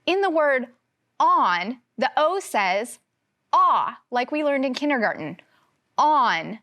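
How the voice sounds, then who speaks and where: A young woman teaches a televised first grade phonics lesson, sounding out each word carefully for young children. Her voice sits a little high and swoops up and down in a lively, sing-song way. She speaks slowly and patiently. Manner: slow, clear, sounding out words for young children.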